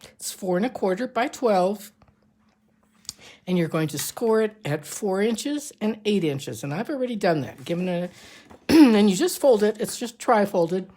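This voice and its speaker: A woman's voice: medium pitch, lively intonation, measured pace, dark tone, reverberant. A woman showing a craft step by step in a casual tutorial, chatting and thinking aloud as she works. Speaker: crafting demonstrator.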